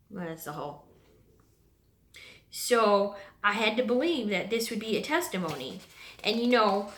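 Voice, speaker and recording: A woman vlogger sharing a personal faith testimony from her home basement, earnest and halting, with many pauses and restarts. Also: mid-range voice, fairly bright tone. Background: washing machine running.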